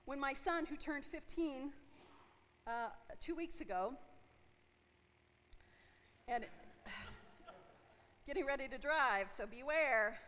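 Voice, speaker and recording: A woman's voice: sits high, fairly bright tone. A woman in her forties, a pastor giving a conversational sermon and asking her congregation questions. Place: church sanctuary. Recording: long hall reverb from a church.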